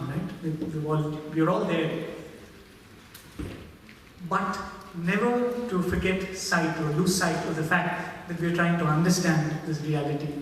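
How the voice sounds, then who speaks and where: A man's voice: fairly high pitch, a little hiss or hum. A man giving a devotional talk, telling stories and checking in with his audience. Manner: storytelling, often adds "right?". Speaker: spiritual speaker. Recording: echoey hall from far off.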